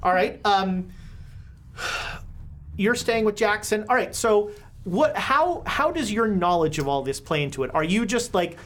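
A woman acting as game master, narrating scenes and quizzing her players in an animated way. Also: medium pitch. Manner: animated, quick to laugh, asks players questions. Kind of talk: narrating a tabletop horror game.

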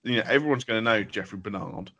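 A man's voice: fairly low pitch, fast, creaky, sharp tone, highs cut off. Teasing man, podcast banter. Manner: teasing, rambling. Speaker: podcast co-host.

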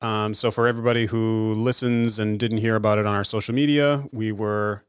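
Male co-host, low and dry; handles announcements in casual chat. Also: fairly even intonation, fairly quick, clean tone, no echo. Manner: organized, runs announcements. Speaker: podcast co-host.

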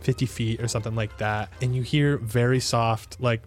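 A man narrating as game master of a tabletop game, relaxed and full of hesitations. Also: medium pitch, moderate pace, faint music behind. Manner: relaxed, hesitant with many fillers.

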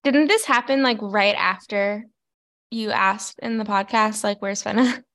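A woman's voice: medium pitch, unhurried. Easygoing young woman podcast co-host. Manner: relaxed, agreeable, short replies. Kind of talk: casual chat.

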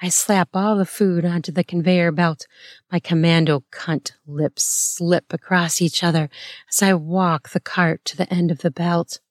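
A woman narrates an intimate first-person erotic story at a languid, unhurried pace. Her voice sits slightly low, breathy and playful, dotted with soft laughs and gasps. The recording is close and dry, with no room sound. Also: steady tone, dry recording.

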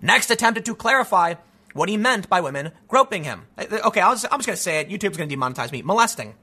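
Animated high-voiced male commentator. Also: quick pace, slightly rough. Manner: animated, mocking, stammers repeats. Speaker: political commentary host. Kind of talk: opinionated solo commentary.

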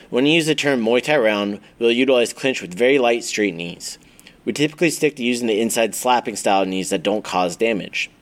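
A man with a fairly low voice reads his own fight-training book aloud. He moves steadily through lists of drills and equipment in an instructional tone. Now and then he trips over a word and restarts. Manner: steady instructional reading, listing drills item by item; occasional stumbles and restarts. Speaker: Muay Thai coach reading his own book.

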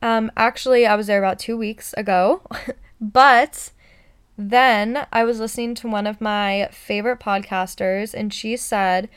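A woman hosting her own motivational podcast, talking excitedly in an encouraging, pep-talk way. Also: mid-range voice, a little slow, smooth. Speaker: podcast host.

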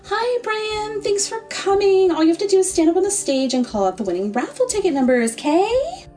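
A woman voicing a chirpy young female event organizer who gushes and rushes her words. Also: big pitch swings, dark tone. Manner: squeaky, gushing, rushed. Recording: distant mic, faint music.

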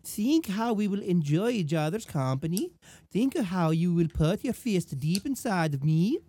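A man's voice: high voice, big pitch swings, moderate pace, dark tone, slightly rough, full character voice. A man reading a love letter as a gushing, scheming widow, with crude asides.

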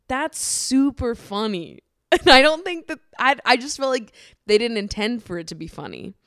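A woman's voice: a little high, animated, normal speed, a bit bright, no echo, clean studio sound. A woman hosting a podcast, rambling in a casual, chatty way, swearing freely and laughing often. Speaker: podcast host.

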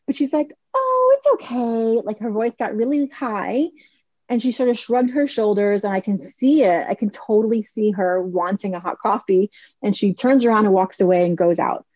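A woman's voice: medium pitch, moderate pace, mellow, no room sound, lo-fi sound. A woman in her forties hosting a podcast, chatting casually and telling stories while acting out other people's lines. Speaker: podcast host. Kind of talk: casual advice talk.

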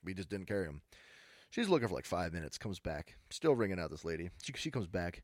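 A young man, telling stories in a laid-back, deadpan way on a casual podcast. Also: deep voice, fairly quick, no room sound, studio quality. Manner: laid-back, deadpan storyteller who mimics angry customers. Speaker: podcast co-host. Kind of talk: casual storytelling chat.

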